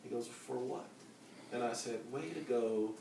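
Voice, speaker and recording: Speaking a little fast in a dark, medium-pitched voice, a conference speaker tells his own story, rambling and restarting with plenty of fillers. The mic sits far off in an echoey conference center hall, and there's a touch of hiss or hum.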